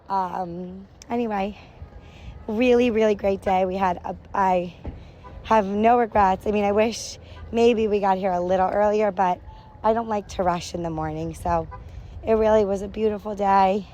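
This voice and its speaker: Woman, 30s, chatty, upbeat, rambling audio diary, outdoor phone recording, steady background noise. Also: mid-range voice, normal speed. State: out of breath while walking. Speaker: podcast host vlogging a family park trip. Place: outdoors at a theme park, walking.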